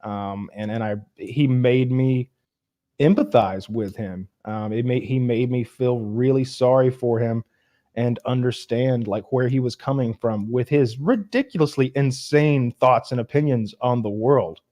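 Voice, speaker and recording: A man's voice: mid-range voice, a little slow, mellow. A man co-hosting a podcast, talking enthusiastically about a film and laughing often. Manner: enthusiastic, laughs, repeats words. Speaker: podcast co-host. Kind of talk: casual movie review chat.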